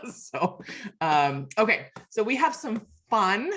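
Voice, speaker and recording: A woman's voice: mid-range voice, sing-song, slow, fairly bright tone. A woman filling in as host of a video call, chatty and self-deprecating, laughing often. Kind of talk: casual video call chat.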